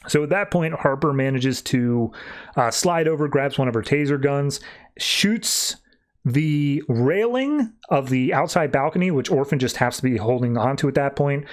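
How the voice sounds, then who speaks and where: A man's voice: mid-range voice, animated, moderate pace. A man hosting a podcast and casually recapping comic book plots, rambling with lots of fillers. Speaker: podcast host.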